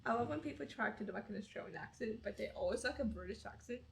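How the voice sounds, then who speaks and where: A woman's voice: on the high side, animated, fast talker, vocal fry, a little hiss or hum. A woman, a tattoo client, chatting casually and swearing freely. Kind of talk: casual chat. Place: tattoo studio.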